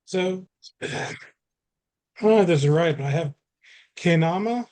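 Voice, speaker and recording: Man student, slightly high-pitched, hesitant and self-deprecating. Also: normal speed, darkish tone. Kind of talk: online class participation.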